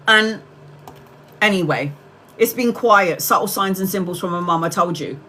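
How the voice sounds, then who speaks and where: Speaking at normal speed with long pauses, a middle-aged tarot livestream host shares a candid, chatty story with casual swearing. Her voice sits on the low side, pushed and bright, and the rough recording carries a little hiss or hum.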